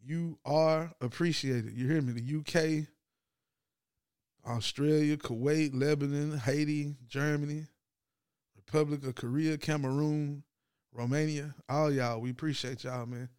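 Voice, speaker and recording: Man, podcast host, slangy casual sports talk, fairly high voice, dry close mic. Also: fairly even intonation, unhurried, clean tone, no room sound. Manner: loose slangy delivery, swings from loud to low and subdued.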